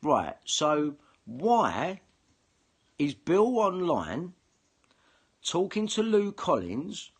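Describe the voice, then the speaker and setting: A man's voice: fairly high pitch, huge pitch swings, extremely slow, pauses often, slightly rough. A man ranting to camera, swearing heavily and combative, often repeating himself. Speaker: online video commentator. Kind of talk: angry ranting monologue to camera.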